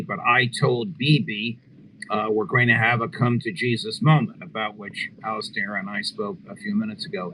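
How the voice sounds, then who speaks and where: A man hosting a talk radio show, calmly explaining a scene to listeners in a measured way. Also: fairly low pitch, a little hiss or hum, low-quality recording.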